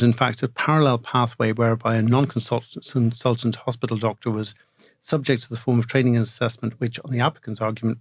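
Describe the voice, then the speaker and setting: A man's voice: medium pitch, dry recording. A man co-hosting a legal podcast in a studio, explaining cases hesitantly with many restarts. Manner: hesitant, with frequent restarts and stammers. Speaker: podcast co-host, barrister. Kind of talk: casual legal podcast chat.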